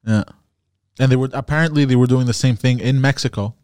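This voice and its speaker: A man's voice: mid-range voice, quick pace, darkish tone, clean tone, no echo. A man with an ordinary mid-range voice, talking in a hesitant way and hedging what he says. He is recorded close and dry in casual podcast talk. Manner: hesitant, hedging with "allegedly" and "apparently". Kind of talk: casual chat.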